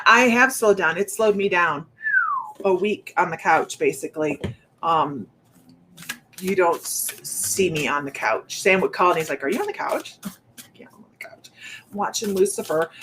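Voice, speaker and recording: A woman's voice: lowish voice, normal speed, fairly bright tone, slight background noise. A woman hosting a psychic livestream, a little out of breath and talking in a loose, rambling way. She keeps up a chatty flow aimed straight at her viewers. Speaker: psychic medium host. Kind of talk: casual livestream chat.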